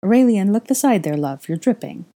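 A woman's voice: medium pitch, expressive, a little fast, mellow, voice pushed up, natural voice. A woman voicing an earnest young witch and new mother who sounds a bit weary as she explains.

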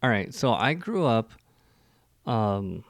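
A man's voice: lowish voice, very animated, slow pace, dry recording, clean studio sound. A man on a podcast telling a long joke and then his church upbringing, rambling with fillers and restarts. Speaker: podcast co-host telling his faith story. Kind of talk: casual conversational storytelling.

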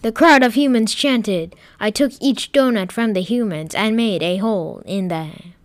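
A woman narrating a playful first-person story as a Martian visitor, dramatic and lively. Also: mid-range voice, moderate pace, no room sound.

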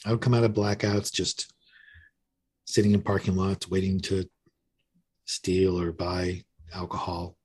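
A man's voice: low-pitched, little pitch movement, unhurried, pauses often, a little mellow, husky. A man in his fifties telling his recovery story in a candid, self-mocking way, full of restarts. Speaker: podcast guest. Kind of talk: recovery story told in casual conversation.

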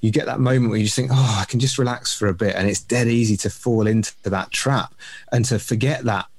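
A man in the middle of the usual pitch range talks as a podcast guest, recorded dry and close. He reflects on business and work and often closes his points with tag questions. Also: steady tone, brisk, darkish tone, no echo. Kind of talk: casual business podcast chat.

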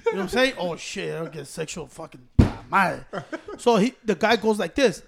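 A young man telling a story in casual chat with friends, profane and animated, breaking into laughs. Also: high voice, moderate pace, vocal fry, crowd noise. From Hispanic American.

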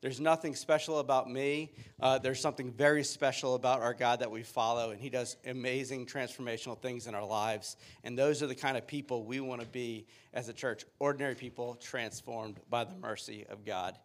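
A man's voice: mid-range voice, steady tone, a little fast, hardly any pauses. A man in his thirties, a pastor giving a sermon with upbeat, joking storytelling.

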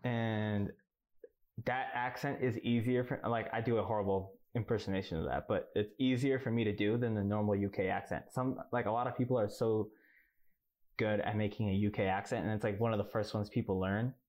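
A man's voice: fairly low pitch, steady tone, fairly quick, a little mellow. Blunt, laughing male podcast co-host. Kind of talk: casual podcast chat.

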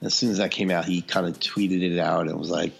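A man with a fairly low voice co-hosts a casual podcast. He rambles through the story with plenty of fillers and asides. The talk is loose and conversational. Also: steady tone, fairly quick, gravelly, soft background music. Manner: rambling, chatty, with frequent fillers. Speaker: podcast co-host.

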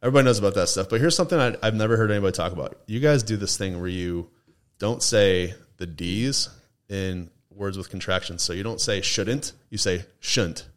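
A man's voice: lowish voice, fast talker, smooth. A man from Toledo, a podcast guest in casual chat, rambling with restarts and laughs. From Toledo, Ohio. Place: indoors, recorded session with drinks.

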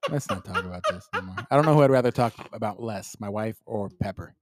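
A man's voice: lowish voice, animated, quick pace, no room sound. Teasing, joking podcast man. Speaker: podcast co-host. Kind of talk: casual chat.

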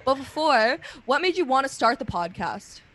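A woman's voice: high voice, very animated, fairly bright tone. A woman hosting her own podcast, bubbly and casual, with lots of "like" fillers. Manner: bubbly, quick laughs, fillers like "like". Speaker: podcast host. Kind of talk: casual chat.

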